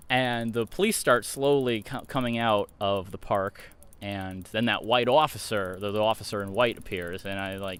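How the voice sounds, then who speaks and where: A man from Connecticut telling a personal story in a casual, animated way, acting out the quotes. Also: fairly low pitch, normal speed, clean tone.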